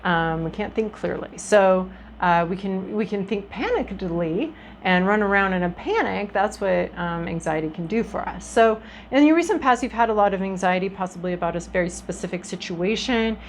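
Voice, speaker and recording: A tarot reader gives her viewers a casual reading, chatty and reflective, with lots of ums and restarts. Her medium-pitched voice is animated at a normal speed, and the rough recording carries a little hiss or hum.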